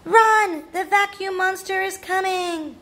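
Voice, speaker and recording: A woman voicing an excitable, endlessly curious little girl who fires off eager questions in a storybook reading. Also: high voice, slow. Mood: excited.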